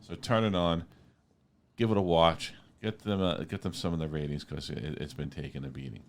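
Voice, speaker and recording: A man with a Long Island accent hosting a radio show, joking and bantering with his guest. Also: moderate pace. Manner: playful, jokey banter with lively swings in pitch. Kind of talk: casual radio chat.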